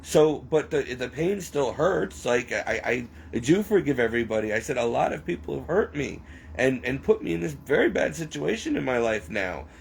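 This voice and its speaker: A man with a gravelly, creaky voice talks through a personal confession. His speech is rambling and halting, often near tears, with a faint hiss of noise behind him. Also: medium pitch, big pitch swings, poor audio.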